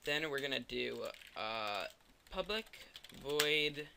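Here a weary young guy types through a coding tutorial captured on screen, musing aloud and poking fun at himself in a rambling way. His mid-range voice is creaky, bright and forceful, with lively intonation and a slow delivery. A little hiss or hum sits under the audio.

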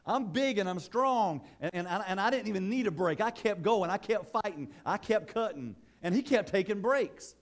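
A man's voice: fairly high pitch, fast, hardly any pauses, a little mellow, lightly acted. A man voicing a big, boastful, muscular male lumberjack who brags in a cocky way. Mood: indignant. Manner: cocky, bragging.

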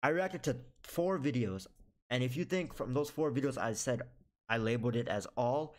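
A man's voice: medium pitch, expressive, moderate pace, a little mellow. A man ranting in a casual reaction vlog as a YouTuber, with a sarcastic, mocking manner.

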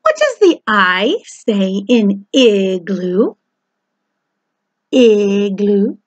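A woman teaching a preschool phonics lesson, talking slowly with exaggerated, sing-song delivery, oohs and gasps. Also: a little high, very animated, a little mellow, no echo, lo-fi sound.

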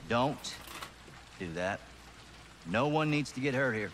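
An actor playing a smug military commander, speaking calmly and condescendingly with threats underneath. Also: male voice, medium pitch, slow pace, a little hiss or hum. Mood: menacing calm. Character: smug menacing military commander, adult man.

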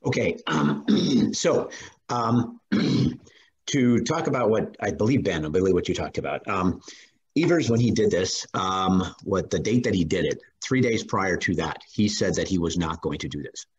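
A man with a deep voice speaks in a casual class discussion. His tone is husky and a little breathy. He halts often, filling gaps with ums and clearing his throat. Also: expressive, moderate pace, muffled recording. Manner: hesitant, many fillers, clears throat often.

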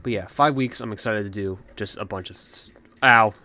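A man's voice: lowish voice, normal speed, sharp tone, faint music behind. A young man hosting a let's play, chatting about his plans and talking to the enemies on screen, a little out of breath. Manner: chatty, talks to the game's enemies. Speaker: gaming channel host.

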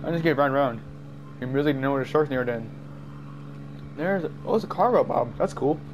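A man giving jumpy, excited commentary while playing a game, easily startled and laughing at himself. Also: mid-range voice, normal speed, a little hiss or hum. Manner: jumpy, screams and laughs at scares, self-mocking. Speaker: gamer.

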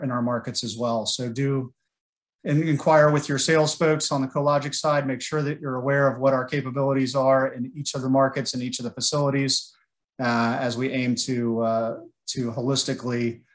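Male sales presenter, mid-pitched, halting with lots of fillers, webinar delivery. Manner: halting, many filler words.

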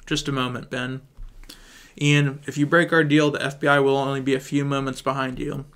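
A man reading a film script aloud with his mouth full of chewing gum, his throat dry, in a flat, hurried read. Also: medium pitch, smooth. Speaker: video creator.

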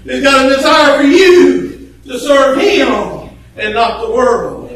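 A very high-pitched man preaches in a rhythmic chant, peppering his lines with "uh" and rising into shouted, half-sung phrases. He sounds far from the mic, in a heavily echoing church, with faint noise underneath. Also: expressive, slow pace. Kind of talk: sermon.

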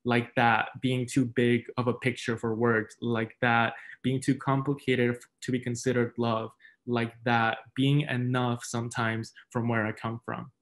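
A young Mexican American man reading his poems aloud at an online reading, measured and deliberate, with soft fillers between pieces. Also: mid-range voice, little pitch movement. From Mexican American, raised outside New York. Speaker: poet. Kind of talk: poetry reading. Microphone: video call.

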